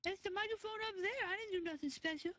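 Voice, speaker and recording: A woman chatting casually and excitedly chiming in on a story. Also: very high voice, fast talker, no echo, muffled recording. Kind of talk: casual chat.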